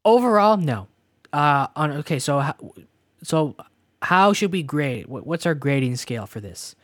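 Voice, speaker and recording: A man's voice: fairly high pitch, normal speed, no room sound, studio quality. A Canadian man co-hosting a podcast, chatting casually and joking with a friend. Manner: joking, animated. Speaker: podcast co-host. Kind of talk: casual chat.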